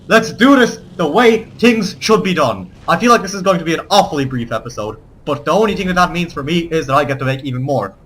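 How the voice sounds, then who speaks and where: A man's voice: fairly high pitch, bright, forceful tone, a little hiss or hum. A man giving gameplay commentary, switching between theatrical rallying speeches and swearing asides. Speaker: let's play gamer.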